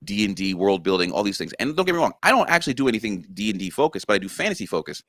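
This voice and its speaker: A man's voice: on the low side, sing-song, racing, fairly bright tone, dry recording, clean studio sound. A man guest on a casual interview chat, earnestly explaining things step by step. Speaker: guest content creator.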